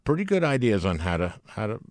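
A man hosting an interview, who cuts in with lively jokes and asks blunt questions. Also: fairly low pitch, quick pace, no room sound, studio quality. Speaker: interview host. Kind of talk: casual interview chat.

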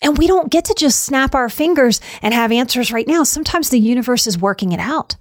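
A woman giving a self-help talk on anxiety, slow and soothing, repeating key phrases with emphasis. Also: fairly high pitch, lively intonation, no echo, clean studio sound.

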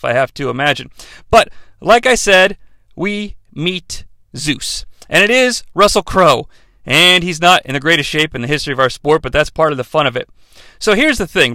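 A man's voice: on the high side, pushed and bright, dry recording. A man giving a casual, profane and rambling spoken movie review, full of restarts and asides. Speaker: film reviewer.

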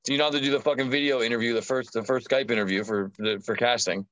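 A man who talks fast and swears constantly, a profane tattoo artist spinning animated anecdotes on a podcast. His medium voice is recorded close and dry. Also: mid-range voice, no echo, muffled recording. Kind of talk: casual storytelling chat.

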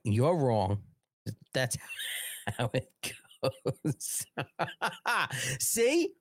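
A middle-aged American man hosts a live commentary show, his pitch swinging widely as he mocks and jokes. His sarcastic, profane rant is broken by frequent laughter. The voice sounds close and dry, with no room echo. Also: wildly swooping pitch, takes it slowly, long pauses, slightly rough.

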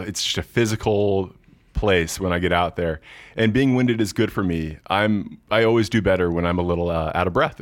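Deep voiced young guy talking baseball, friendly, lots of restarts, dry sound. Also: dry recording. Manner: friendly, earnest, frequent restarts and laughs. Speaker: professional baseball pitcher, guest. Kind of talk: casual interview chat.

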